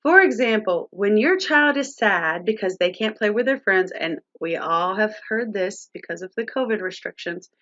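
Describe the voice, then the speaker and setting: A woman's voice: mid-range voice, expressive, normal speed, hardly any pauses, a bit bright, highs cut off. A woman presenting a live-streamed teaching talk on parenting, speaking directly to viewers and their chat.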